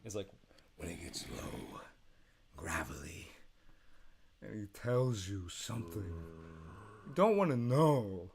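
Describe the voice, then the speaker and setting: A man doing an impression of a famous actor, stressing every word and swooping from low gravel to sudden highs. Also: a little hiss or hum, full character voice. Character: impression of a famous male actor, odd emphatic cadence.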